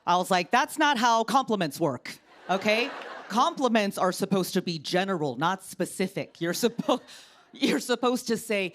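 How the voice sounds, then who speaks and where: A woman in her thirties doing a stand-up comedy set on a TV stage, wry and exasperated, acting out the people she quotes at a louder pitch. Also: animated, moderate pace. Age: 30s. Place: television studio stage. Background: studio audience laughter.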